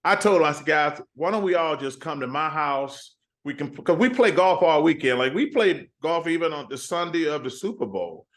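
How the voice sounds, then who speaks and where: A man, a guest telling animated stories in a casual interview. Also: a little high, moderate pace, few pauses. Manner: animated storyteller, quoting himself and others.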